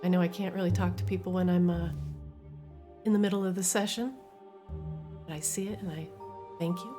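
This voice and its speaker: A woman's voice: fairly low pitch, steady tone, fairly quick, dark tone, soft background music. A woman who runs a tabletop game stream, chatting casually with her players and laughing often before signing off to viewers. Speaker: game master and host. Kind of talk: casual chat and stream sign-off.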